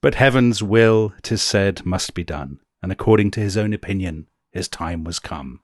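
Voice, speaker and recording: A man co-hosting a history conversation, reading verse aloud with amusement and often trailing off quietly. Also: low-pitched, normal speed, no echo, clean studio sound. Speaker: podcast co-host.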